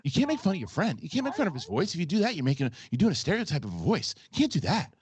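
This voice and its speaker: Lively fast-talking male stream host. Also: fairly high pitch. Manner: rapid mock-outraged rants, lively. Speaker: show host. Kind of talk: casual live-stream banter.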